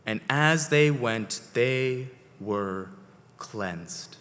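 A man preaching a sermon as pastor, slow and deliberate, his phrases sinking soft at the ends. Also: mid-range voice, expressive. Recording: long hall reverb.

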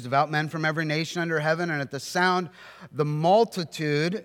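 A male pastor with a high voice delivers an earnest sermon, breaking into storytelling asides. His voice rings out with a long reverb, as in a large hall. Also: fairly bright tone.

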